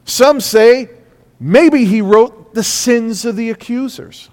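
A man preaching a sermon with emphasis, repeating his phrases and rising to loud peaks. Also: extremely high pitch, slow pace. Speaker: pastor. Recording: echoey hall.

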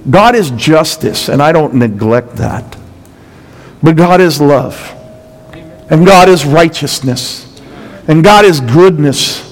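A man's voice: fairly high pitch, animated, slow, pauses often, low-quality recording. A middle-aged male pastor preaching a sermon, building intensity with rhetorical questions and emphatic repetition.

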